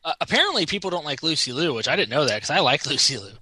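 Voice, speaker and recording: A man's voice: on the high side, very animated, sharp tone, breathy edge, dry recording. A man co-hosting a casual chat about TV shows, talking in a jokey, rambling way. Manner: chatty, jokey, puts on quick silly voices.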